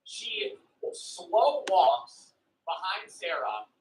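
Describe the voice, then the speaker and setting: A man's voice: high-pitched, big pitch swings, drawn-out words, a little hiss or hum. Distant, echoey man retelling a story. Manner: loose, profane retelling with "like" fillers. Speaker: friend telling a story on stream. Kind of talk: casual storytelling. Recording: echoey room, away from the mic.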